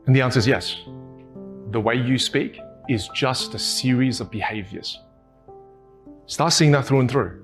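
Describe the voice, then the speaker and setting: A young man talks as a communication coach in an interview. He is animated and theatrical, demonstrating points by reshaping his own voice. Faint music plays underneath. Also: medium pitch, normal speed, pauses often. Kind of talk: podcast interview, demonstrative teaching.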